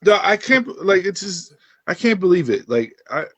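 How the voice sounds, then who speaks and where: Male podcast host, slightly higher voice, dry close sound, animated storyteller. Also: moderate pace, dry recording. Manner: animated storyteller, acts out quotes. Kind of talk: casual podcast chat.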